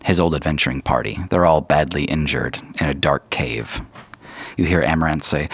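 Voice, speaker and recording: Deep husky-voiced game master narrating. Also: male voice, dry recording. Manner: measured, descriptive storytelling.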